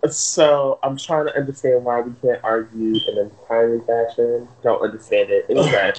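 A man's voice: medium pitch, fairly even intonation, normal speed, darkish tone. A man co-hosts a casual podcast over an internet call, with a mid-range voice. He talks in a playful, teasing way and draws out his introductions. The call audio is uneven in places. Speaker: podcast co-host. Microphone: remote call, Skype.

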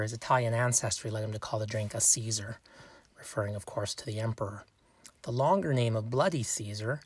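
A man with a slightly husky voice hosts a solo food podcast, talking through tasting notes in an easygoing, thinking-aloud manner. The sound is dry and close, with no room echo. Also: mid-range voice. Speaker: podcast host.

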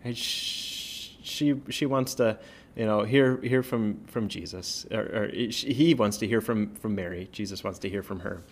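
Man, pastor type, relaxed scripture talk, slightly low voice, keeps asking "right?". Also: moderate pace. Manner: conversational, checks in with "right?", many fillers. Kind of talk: casual Bible teaching.

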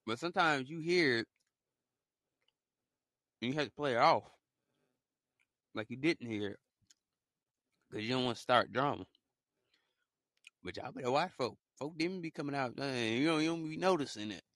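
A man's voice: mid-range voice, lively intonation, normal speed, long pauses, a bit bright, dry recording, studio quality. A man giving a preachy motivational monologue on a podcast, repeating his points in loose slangy talk. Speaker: podcast host.

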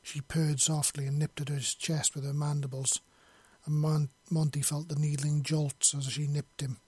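A man narrating a fantasy story in a steady, measured read. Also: on the high side, husky, no echo.

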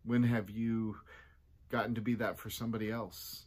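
A man's voice: flat delivery, normal speed. A man who is a pastor, giving a casual devotional talk in a chatty way and acting out quotes with sudden jumps in his voice. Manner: chatty, acts out quotes with big pitch jumps.

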